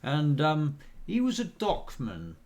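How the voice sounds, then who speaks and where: A man's voice: a little high, wildly swooping pitch, slow, a little mellow, exaggerated voice. A man voicing a chatty, rambling town guard corporal in a tabletop role-play, with a folksy, gossipy manner.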